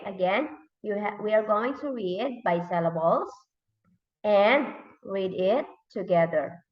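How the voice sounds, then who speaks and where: Thai-accented woman teacher drilling pupils, unhurried; lo-fi, echoey classroom recording. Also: medium pitch. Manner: repeats words slowly to drill them. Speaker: English teacher. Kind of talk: classroom lesson for young learners. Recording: dull, roomy, recorded from a distance.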